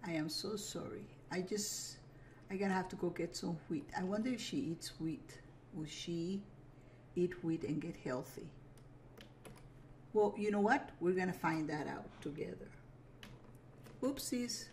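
A woman's voice: fairly low pitch, measured pace, long pauses, a little mellow, a little hiss or hum. A woman giving casual running commentary while playing a video game, talking to herself and apologizing with little giggles. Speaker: gaming video creator. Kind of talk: casual let's play commentary.

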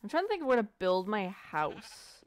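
A woman's voice: medium pitch, sing-song, normal speed, noisy background. A woman giving casual, rambling gameplay commentary, muttering self-deprecating asides to herself as she plays. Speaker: let's play gamer.

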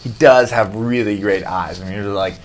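A man's voice: lowish voice, normal speed. Profane rambling man on a comedy podcast. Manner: profane, rambling, laughs often. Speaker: podcast host. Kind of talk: casual comedic rant.

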